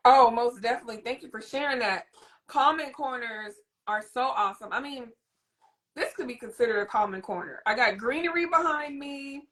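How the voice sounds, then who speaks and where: Woman host giving parenting tips, kinda high voice, animated and teacherly. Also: normal speed. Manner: animated, teacherly, demonstrates a soothing voice. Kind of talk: live interview chat.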